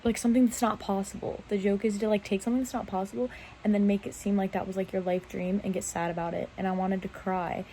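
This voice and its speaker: A woman's voice: mid-range voice, level tone, fast, dark tone, slight background noise, rough recording. A young woman chatting casually into her phone camera in bed at night, rambling and laughing at herself. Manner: rambling, self-mocking, giggly. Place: bedroom at night.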